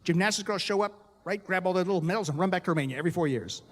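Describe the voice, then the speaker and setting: Middle-aged man doing stand-up, high voice. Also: rapid-fire, in a large hall. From United States. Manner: punchy joke delivery with crowd asides. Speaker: stand-up comedian. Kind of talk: stand-up comedy set. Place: comedy club stage.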